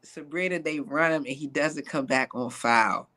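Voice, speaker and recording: A man, an actor and comedian guest, telling a comic story in an interview, animated and slipping into put-on voices and Spanish phrases. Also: fairly high pitch, moderate pace.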